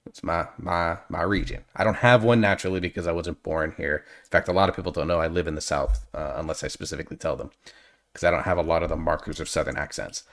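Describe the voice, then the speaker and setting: A man's voice: deep voice, steady tone, fast talker, a bit bright. A man hosting a reaction video, chatting casually and analytically and drifting off on tangents.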